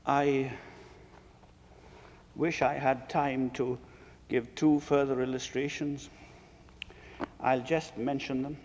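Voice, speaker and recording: A man preaching to fellow preachers with emphatic rhetorical questions, his voice soaring and then dropping to a hush. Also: mid-range voice, little pitch movement, takes it slowly, pauses often, a little hiss or hum. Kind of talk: sermon lecture. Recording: long reverb of a large hall.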